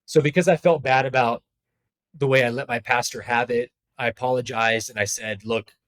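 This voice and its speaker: A man at a middle pitch tells a personal story as a podcast guest. He talks in a candid, animated, conversational way, using plenty of casual fillers. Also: normal speed. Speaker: podcast guest, spiritual teacher.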